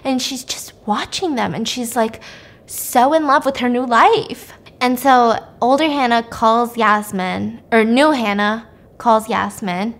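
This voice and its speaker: A woman hosting a podcast, casually retelling a movie's plot in a chatty, animated way. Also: a little high, takes it slowly. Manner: chatty, animated storytelling with quoted voices. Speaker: podcast host.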